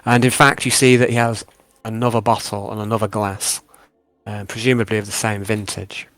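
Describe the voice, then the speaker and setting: A man's voice: fairly low pitch, level tone, a little fast, fairly bright tone, no room sound. A man running a tabletop game as game master, narrating scenes in a descriptive way with many fillers.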